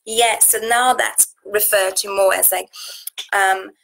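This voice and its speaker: A woman from South Africa talks through a casual live session as a nutrition coach. She speaks in an earnest, chatty way, often restarting her sentences. Her voice sits at a middle pitch and has a gravelly fry. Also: fairly even intonation, slow, fairly bright tone, a little hiss or hum, rough recording. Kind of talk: casual live stream talk, reading out viewer comments.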